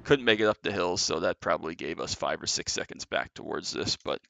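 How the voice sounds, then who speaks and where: A man's voice: low voice, lively intonation, a little fast, creaky, pushed and bright, a little hiss or hum. A man giving casual, chatty commentary on his own sim race, a little out of breath. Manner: chatty, filler-heavy, self-correcting. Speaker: sim racing streamer.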